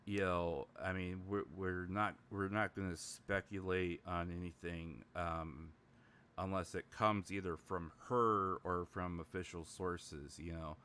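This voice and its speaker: A man hosts a laid-back livestream in an unhurried, meandering way. His voice is bright and clean, with a smooth, clear tone. He fills his sentences with stray words and restarts as he goes. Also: low voice, level tone. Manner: rambling, heavy use of fillers. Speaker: livestream host. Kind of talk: casual livestream chat.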